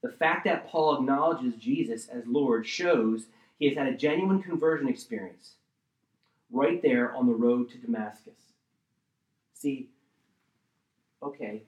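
A man preaching a sermon and teaching from the Bible, swinging between loud emphatic bursts and quiet asides and often checking in with his listeners. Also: mid-range voice, a little slow, pauses often, lo-fi sound. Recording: roomy echo.

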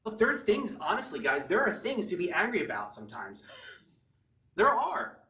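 Male pastor, slightly high voice, earnest sermon delivery, echoey room from afar. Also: wildly swooping pitch, normal speed, recorded from a distance. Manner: earnest preaching, rising to near-shouts with spontaneous laughs.

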